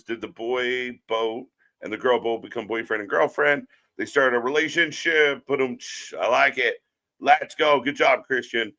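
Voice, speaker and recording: A man's voice: medium pitch, a little slow, bright, forceful tone. A man hosting a live wrestling stream, chatting casually and profanely, rambling and joking while reading chat comments aloud. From outside Ireland, Scotland and Britain.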